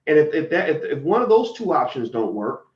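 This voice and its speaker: A man's voice: on the high side, sing-song, brisk, roomy sound, muffled recording. A man giving a blunt, profane, heated monologue on a livestream. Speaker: commentator.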